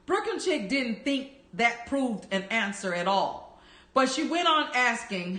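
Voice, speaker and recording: A woman reading a bedtime story aloud, narrating slowly and gently. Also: fairly high pitch, big pitch swings. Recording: roomy echo.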